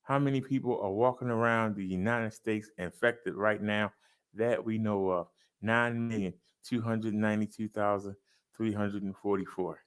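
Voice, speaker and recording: A man running through daily figures in a casual vlog, talking straight to his viewers and drawling key phrases loudly for emphasis. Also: fairly low pitch, steady tone, moderate pace, clear, resonant tone. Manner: talks to viewers, says "y'all". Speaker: fitness vlogger. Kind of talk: casual daily stats rundown.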